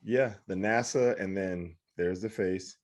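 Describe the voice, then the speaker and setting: A man's voice: low voice, a little slow. A man co-hosting a podcast, chatting casually and acting out the people in his stories. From Cleveland. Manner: animated storyteller, acts out quotes. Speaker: podcast co-host. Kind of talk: casual chat.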